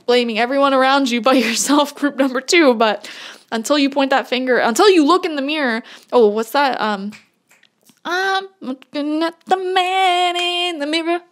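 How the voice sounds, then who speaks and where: Earnest woman reading tarot. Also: fairly high pitch. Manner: earnest, blunt tough-love advice with frequent laughs. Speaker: tarot reader. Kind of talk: casual tarot reading to camera.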